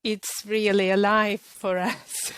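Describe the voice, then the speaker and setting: A woman's voice: medium pitch, little pitch movement, takes it slowly, clear, resonant tone, dry recording. A woman hosting an interview over a video call, enthusiastic and giggly, with frequent ums. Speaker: interview host, parent. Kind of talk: friendly conversational interview.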